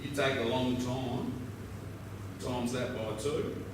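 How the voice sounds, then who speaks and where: A man's voice: medium pitch, fairly even intonation, slow pace, lightly acted. A man playing a laconic outback bloke, echoey. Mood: wry. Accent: Australian. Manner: drawling yarn-spinner, swears freely. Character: weathered, laconic male outback roadhouse bloke. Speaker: outback roadhouse local telling a story. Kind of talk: theatrical monologue. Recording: very echoey, distant mic, noisy ambience.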